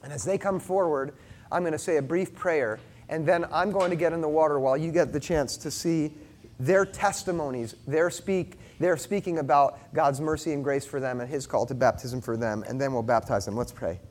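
A middle-aged male pastor giving an earnest sermon, telling a personal story, shifting between loud and hushed. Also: on the high side, normal speed.

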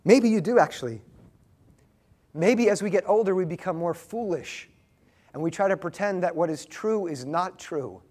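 Male pastor, thirties to forties, earnest sermon, unhurried and tender, a touch higher than most men. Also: animated, darkish tone. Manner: earnest, slow and tender storytelling.

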